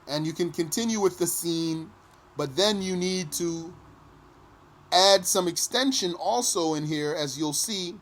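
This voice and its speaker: A man teaching recitation, explaining slowly in plain speech and then chanting verses with long, drawn-out vowels. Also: on the high side, fairly bright tone.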